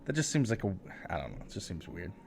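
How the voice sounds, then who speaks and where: A man co-hosting a podcast, giving relaxed, opinionated takes on football in casual chat. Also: low-pitched, fast, creaky, faint music behind. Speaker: podcast co-host. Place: studio.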